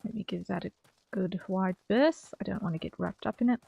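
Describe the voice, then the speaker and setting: A woman's voice: medium pitch, a little fast, vocal fry, breathy edge, no echo, dull audio. A young woman streaming from home at her desk mic, chatting casually while playing, rambling and correcting herself. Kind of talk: casual gameplay commentary.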